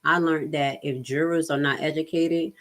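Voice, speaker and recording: Middle-aged woman, lowish voice, lively storyteller who swears and does everyone's voices. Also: normal speed. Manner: animated, acts out voices of others, swears freely. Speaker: vlogger telling a personal story. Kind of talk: casual storytelling livestream.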